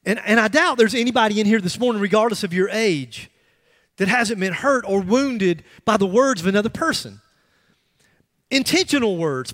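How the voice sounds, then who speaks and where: A middle-aged male pastor with a high voice tells his story in an emphatic, lively way, often stopping to restart a phrase. His sermon rings out with the long reverb of a large church hall. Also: moderate pace. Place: church sanctuary.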